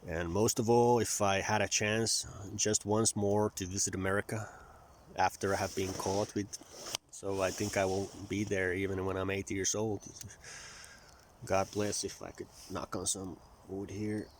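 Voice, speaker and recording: Low-voiced Finnish man with Southern twang. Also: little pitch movement, normal speed, a little hiss or hum. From Finland. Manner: chatty, digressive, wry. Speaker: vlogger. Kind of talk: rambling casual monologue. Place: outdoors near marshland.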